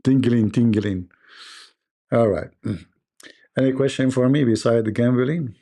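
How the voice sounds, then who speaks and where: Gravelly joking man telling stories. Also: medium pitch, unhurried, warm tone. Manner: laughs at own stories, acts out dialogue. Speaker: live stream host. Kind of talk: joking live-stream monologue.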